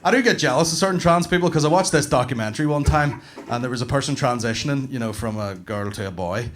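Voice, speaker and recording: Profane Northern Irish comedian on stage. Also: male voice, medium pitch, fast, slight background noise. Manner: profane, animated storytelling with bursts of laughter. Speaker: stand-up comedian. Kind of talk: stand-up comedy.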